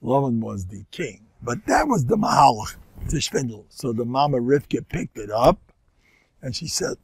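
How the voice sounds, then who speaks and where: A hoarse older man gives a rambling Torah class. His voice is raspy and full of fry, and it swings between near-whispers and sudden loud bursts. The sound is close and dry. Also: mid-range voice, sing-song, moderate pace, no room sound. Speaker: rabbi giving a Torah class. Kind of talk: informal Torah lecture with stories.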